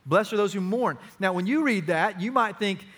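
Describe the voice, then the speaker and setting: A man's voice: sits high, normal speed, a bit bright. A middle-aged man preaching a sermon in a church, earnest and pressing, his voice climbing as he drives each point home. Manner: earnest, rising to emphatic urgency. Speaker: pastor.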